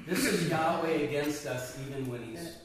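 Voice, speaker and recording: A man's voice: a little high, moderate pace, far from the mic, crowd noise. A man leading a small Bible study class, asking the group questions as he teaches. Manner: conversational, asks the group questions. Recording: echoey room picked up from afar.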